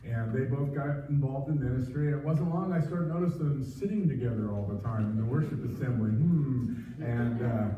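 A man preaching a conversational sermon as pastor, pausing often with fillers, recorded in a church sanctuary. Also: medium pitch, slight background noise. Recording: echoey, distant, dull livestream sound.

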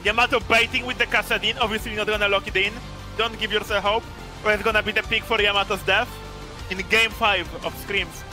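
A man casting an esports match with loud hype calls, his voice hoarse and worn from screaming. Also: high-pitched, level tone, brisk, music in the background. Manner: shouts big hype calls, then drops to tired casual talk. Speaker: esports caster and streamer. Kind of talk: hyped esports draft and game commentary.

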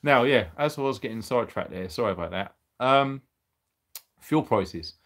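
A man's voice: medium pitch, lively intonation, normal speed, a bit bright. A middle-aged man from the UK hosting a casual livestream, upbeat and chatty, laughing often as he reads out viewers' names and where they are from. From United Kingdom. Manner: laughs often, exclaims blimey and bonkers. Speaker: livestream host.

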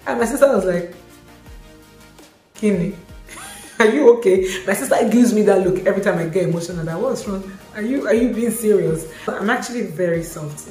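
In an echoey space with music faintly audible, a young vlogger with a Nigerian accent chats expressively. Her voice is lowish and darkish, and she sprinkles Yoruba asides into the conversation.

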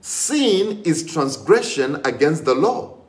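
A man's voice: on the high side, very animated, slow pace, echoey room. A man preaching a sermon with emphatic, repetitive delivery and rising exclamations.

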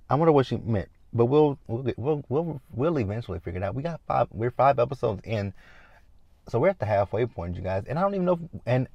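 A man recapping a TV episode in casual chat, animated, swearing freely, tagging lines with "right?" and acting out his own reactions. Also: medium pitch, vocal fry, no echo, lo-fi sound. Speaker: TV recap vlogger.

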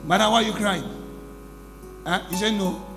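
A man's voice: sits high, moderate pace. A man preaching as prophet in a church service, emphatic and exclaiming, questioning his congregation. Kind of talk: sermon with deliverance testimony. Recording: echoey hall, music underneath.

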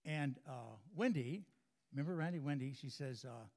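A man's voice: mid-range voice, normal speed, darkish tone. A man preaching as a guest speaker to a congregation, telling a joke story in a folksy way and often repeating his words. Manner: folksy storyteller, repeats and restarts words, chuckles at own jokes. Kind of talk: sermon with a humorous story. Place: church before a congregation.

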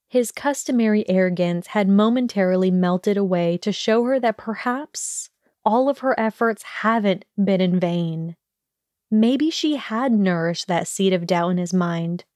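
A woman narrating a fan-fiction audiobook in a slow, even storytelling manner. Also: medium pitch, no echo, studio quality. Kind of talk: scripted narration.

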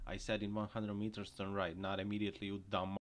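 A man's voice: lowish voice, flat delivery, quick pace, lightly acted. A man voicing an exasperated male GPS navigation voice that scolds the driver impatiently over a noisy recording.

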